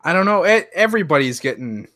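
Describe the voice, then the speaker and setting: Male podcast co-host, bright forceful tone on a dry close mic, animated and a bit halting. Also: on the high side, dry recording. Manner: animated, hesitant restarts, acts out reactions. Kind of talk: casual chat.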